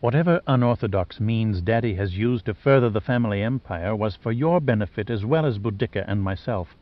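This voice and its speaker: A man voicing a cold, scheming wealthy woman who speaks calmly and mockingly, in an audiobook. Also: on the low side, fairly quick, dry recording, natural voice. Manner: calm, impassive, mocking. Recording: dull lo-fi audiobook recording.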